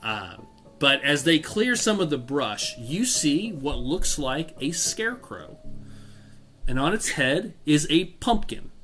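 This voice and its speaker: A man's voice: fairly high pitch, big pitch swings, takes it slowly, a bit bright, soft background music. A man narrating a tabletop game as game master, rambling with fillers and self-corrections.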